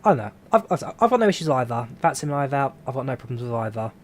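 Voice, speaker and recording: A man hosting a flight sim stream, chatting in a relaxed, rambling way as he answers viewers one by one. His pitch sits right in the middle, neither high nor low. A faint hum runs under his voice. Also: racing. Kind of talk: casual live-stream chat.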